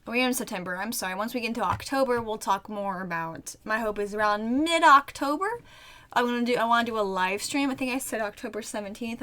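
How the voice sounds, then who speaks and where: A woman's voice: mid-range voice, sharp tone. A young woman chatting casually as she reacts to an anime episode, giggling often and trailing off into fillers. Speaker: anime reaction channel host.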